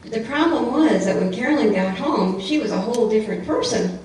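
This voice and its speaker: A woman tells a children's story at church, lively and expressive, repeating key lines. She is far from the mic in a very echoey room, with a faint hiss under her voice. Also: on the high side, brisk. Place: church hall.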